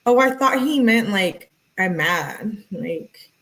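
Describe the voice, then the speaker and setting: A woman's voice: medium pitch, lively intonation, slow pace, a bit bright. A woman YouTuber giving casual commentary, reading text messages aloud with chatty, musing asides to her viewers. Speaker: true-crime YouTuber.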